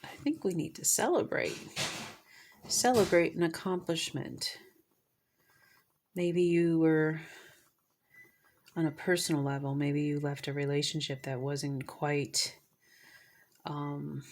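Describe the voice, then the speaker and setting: A woman giving a casual tarot reading, gushing and sometimes dropping into soft whispers. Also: low voice, steady tone, slow pace, pauses often. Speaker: tarot reader.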